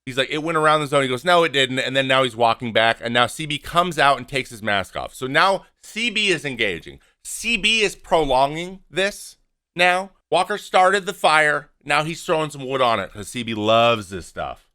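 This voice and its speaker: Bright-voiced man breaking down baseball clips. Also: mid-range voice, moderate pace. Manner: animated, opinionated, acts out players' quotes. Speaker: podcast host and former pitcher. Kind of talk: casual commentary over game footage.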